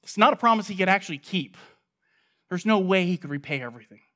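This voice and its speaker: A man with a fairly high voice preaches an expository sermon with emphatic, pointed delivery. He poses rhetorical questions and answers them himself. He swings from loud stress to hushed, low asides. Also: expressive, quick pace.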